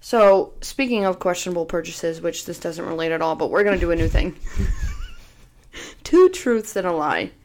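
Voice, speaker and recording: A young woman with a somewhat low voice co-hosts a relaxed podcast. She speaks plainly and playfully, tossing out blunt, mock-grumpy quips as she goes. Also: moderate pace, slight background noise. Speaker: podcast co-host. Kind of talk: casual chat.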